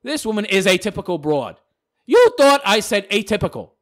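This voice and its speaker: A man ranting casually to camera as a video commentator, talking fast in a mocking, sarcastic way. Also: high-pitched, big pitch swings.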